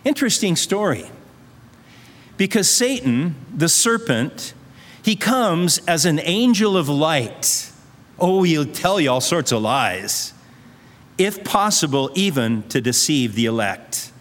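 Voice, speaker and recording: A man's voice: a little high, big pitch swings, slow, fairly bright tone. A male pastor preaching a sermon in a conversational, earnest way, weaving in a story. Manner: conversational, earnest, uses fillers. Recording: long hall reverb.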